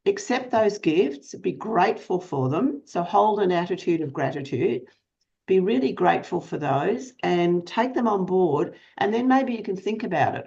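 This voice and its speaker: A woman's voice: lowish voice, lively intonation, moderate pace, vocal fry, a little mellow. A woman giving interview advice as a guest coach, in a direct, encouraging way with rhetorical questions. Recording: dull lo-fi sound.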